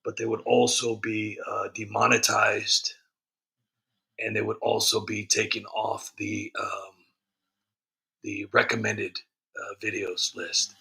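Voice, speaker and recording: A man's voice: fairly low pitch, level tone, takes it slowly, gravelly, bright, forceful tone, slightly rough. A man hosting a casual livestream, greeting viewers and reading chat comments in a rambling way. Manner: rambling, frequent ums and restarts. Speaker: livestream host.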